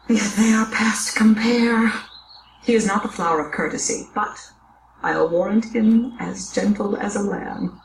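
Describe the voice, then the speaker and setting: A woman's voice: lowish voice, slight background noise. A woman reading the part of a rambling, complaining old nurse aloud in a classroom, groaning and teasing as she goes. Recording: roomy, picked up from far off.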